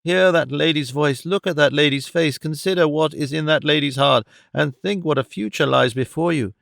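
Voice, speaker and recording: A man voicing an earnest, kindly older gentleman who pleads stoutly and warmly in an audiobook. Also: on the high side, moderate pace, vocal fry, dry recording, clean studio sound. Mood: pleading.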